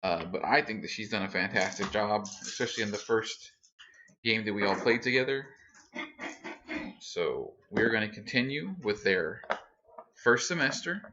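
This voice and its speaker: A man's voice: fairly low pitch, lively intonation, normal speed, pauses often, bright, forceful tone, a little hiss or hum. A man running a tabletop game as game master, narrating in an easygoing, hesitant way with plenty of fillers. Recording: muffled lo-fi stream audio.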